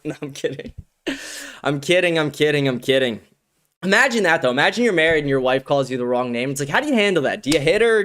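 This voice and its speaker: A man's voice: high voice, a bit bright. A man hosting a casual livestream commentary show from a studio, crude and profane, laughing often. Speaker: host.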